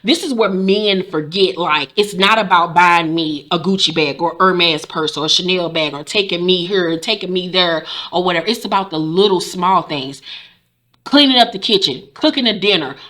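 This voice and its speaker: A woman's voice: lowish voice, moderate pace, fairly bright tone. A woman in her forties giving a blunt, profane, sassy casual recap of a reality show as a YouTube host. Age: 40s.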